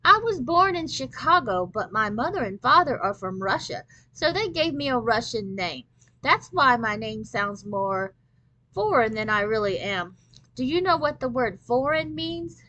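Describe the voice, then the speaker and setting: A bright, sing-song young substitute teacher, put on by a woman reading a storybook aloud. She speaks slowly and carefully, lifting her voice high and a little louder as if talking to small children. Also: very animated, dull audio, heavily acted. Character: young cheerful female substitute teacher, gentle.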